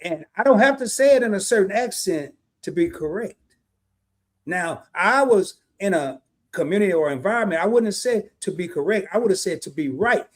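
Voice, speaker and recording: A man's voice: high voice, animated, fairly quick. Laid-back slangy man hosting a live stream. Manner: laid-back, slangy, talks to viewers directly. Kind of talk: casual live stream chat.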